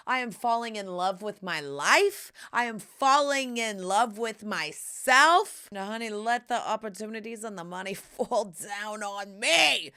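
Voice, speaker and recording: A woman hosts her solo podcast with a sassy, theatrical delivery. Her pitch leaps all over the place as she jumps from loud bursts down to breathy whispers. She calls her listeners honey. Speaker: podcast host. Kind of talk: casual solo podcast chat.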